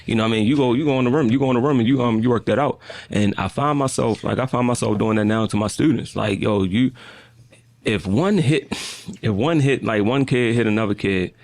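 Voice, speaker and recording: A man co-hosting a podcast who works with kids at school, talking in a relaxed way with lots of fillers. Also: mid-range voice, fairly quick, no echo. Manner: relaxed, with many fillers and restarts. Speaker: podcast co-host; teacher. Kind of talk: casual chat.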